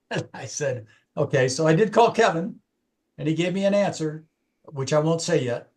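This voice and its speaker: A man's voice: a little high, expressive, normal speed, darkish tone. A man who works as a real estate agent, telling his team about a client and acting out both sides of their talk. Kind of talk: casual storytelling in a meeting.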